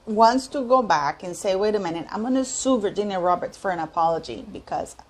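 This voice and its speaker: Brisk and expressive, a woman in her fifties speaks at medium pitch as the host of her own channel. Her commentary vlog is casual and full of strong opinions, and she often restarts sentences and searches aloud for words.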